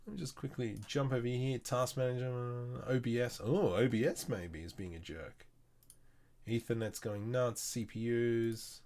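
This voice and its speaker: A man's voice: mid-range voice, a little slow, darkish tone. An Australian man live-streaming his 3D work, chatting with viewers and thinking aloud as he works. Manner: chatty, thinks aloud, mutters while working. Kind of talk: casual live-stream tutorial.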